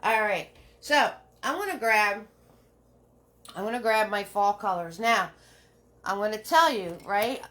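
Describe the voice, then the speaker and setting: Casting note: woman, painting instructor on a live stream, bright clear tone, chatty and repetitive. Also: mid-range voice, lively intonation, measured pace, pauses often. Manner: chatty, greets viewers by name while painting; repeats steps, asks "right?" often.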